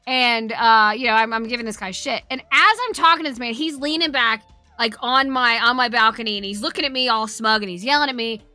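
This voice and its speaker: High, bright-voiced woman streamer, profane storyteller. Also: fairly quick, faint music behind. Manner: animated, profane, laughs while telling. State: tired. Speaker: VTuber streamer.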